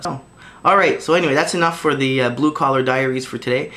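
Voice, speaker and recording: A man speaking directly into a camera for his own video diary, earnest and a little pleading. His voice sits in a plain middle pitch, and he stumbles over restarts and fillers as he works his way to each point. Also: quick pace, bright, forceful tone. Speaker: vlogger.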